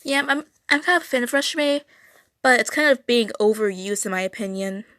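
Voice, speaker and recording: A woman's voice: fairly high pitch, fairly quick, a bit bright, no room sound, clean studio sound. A teenage girl chatting casually while drawing on a livestream, rambling, stuttering and correcting herself often. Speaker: streamer. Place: home room.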